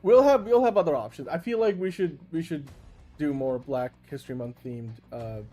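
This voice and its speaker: A man co-hosting a casual podcast chat, animated and quick to laugh and react. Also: on the high side, soft background music. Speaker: podcast co-host.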